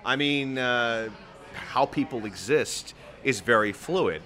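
Bright-voiced wry male interviewer. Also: mid-range voice, slow pace, slight background noise. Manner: probing, wry, builds questions in lists. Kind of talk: literary interview.

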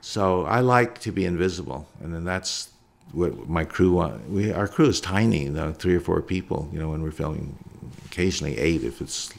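A man's voice: low voice, moderate pace, creaky, hardly any pauses. A documentary filmmaker, a man, answering interview questions in a plainspoken, reflective way.

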